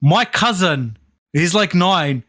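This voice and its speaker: A man's voice: high-pitched, lively intonation, slow pace, sharp tone. A man co-hosting a podcast, brash and slangy, swearing a lot in casual chat. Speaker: podcast co-host.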